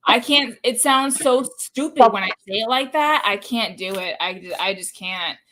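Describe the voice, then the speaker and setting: A woman's voice: a little high, moderate pace, slight background noise, low-quality recording. Hey, a woman with a faint boston accent, blunt and swearing, hosting a chatty show. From Boston area. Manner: blunt, swears freely, animated. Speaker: podcast host and tarot reader. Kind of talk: casual chat.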